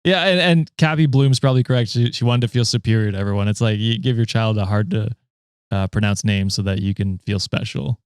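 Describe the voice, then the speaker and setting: A man's voice: fairly low pitch, fairly quick, clear, resonant tone, dry recording, studio quality. A man co-hosting a casual live stream, laughing often as he reads chat messages and donations aloud. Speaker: podcast co-host reading donations.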